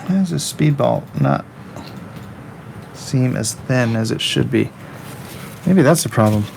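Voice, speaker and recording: Against a noisy background, a middle-aged comic artist streams his drawing, chatting casually with rambling jokes and reading viewer chat aloud. His medium-pitched voice is expressive and creaky, delivered at a measured pace.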